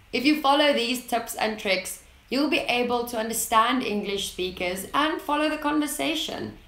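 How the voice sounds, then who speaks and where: A woman hosting an English lesson channel, explaining tips in a clear, deliberate way and stressing key words. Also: on the high side, fairly bright tone. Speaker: English teacher, channel host. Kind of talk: scripted lesson to camera. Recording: roomy echo.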